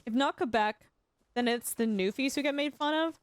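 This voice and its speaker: A woman's voice: high voice, normal speed. A young Canadian woman with a Canadian accent, chatting casually with her live chat while streaming a game, laughing often and restarting sentences. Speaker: livestream gamer.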